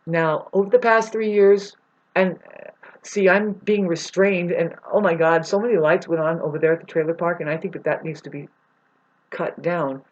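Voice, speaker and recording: Looking straight into the camera, a self-described live performing artist delivers a long, rambling personal monologue that is emotional and full of apologies. The medium-pitched voice stays fairly even, with sentences constantly breaking off, restarting, and wandering into asides. The recording is dull, muffled, and lo-fi.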